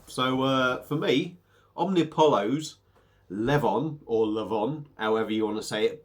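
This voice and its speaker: A man chats his way through a home beer review. He rambles a bit, stops and restarts, and sounds slightly under the weather. His voice sits at an ordinary middle pitch. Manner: rambling, chatty, hesitant fillers. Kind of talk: casual beer review vlog.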